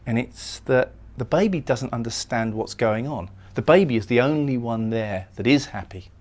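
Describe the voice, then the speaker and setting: A man's voice: mid-range voice, normal speed. A man giving a recorded poetry lecture, explaining lines of a poem and often repeating words as he goes. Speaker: literature lecturer.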